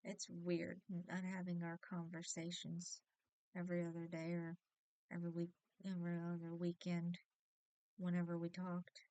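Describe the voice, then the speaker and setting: A woman vlogger talking haltingly about missing her late cat and friend, often restarting her sentences and close to tears. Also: lowish voice, completely flat delivery, warm tone, clear, resonant tone, no echo. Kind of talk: emotional personal vlog.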